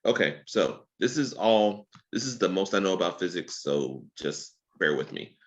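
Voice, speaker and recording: A man's voice: deep voice, animated, moderate pace, highs cut off. A man co-hosting a podcast, casually explaining a movie scene step by step in a laid-back way. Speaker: podcast co-host. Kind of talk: casual chat.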